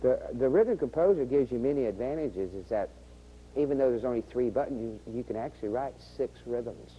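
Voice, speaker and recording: A man speaks a little fast in an animated, mellow, medium-pitched voice as he hosts a video on programming organ rhythms, patiently taking viewers through each step. Faint organ rhythms sit behind him, and the poor audio has a slight hiss or hum.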